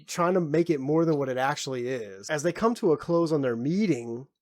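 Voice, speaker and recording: A man hosting a casual anime podcast, recapping an episode in a loose, profane, animated way. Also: on the high side, fairly quick, dry recording, studio quality. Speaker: podcast host.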